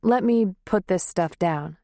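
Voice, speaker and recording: A woman voicing a gentle, caring man who speaks softly and soothingly to his upset girlfriend in an audiobook. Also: on the low side, no echo, clean studio sound. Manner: soft, soothing, unhurried.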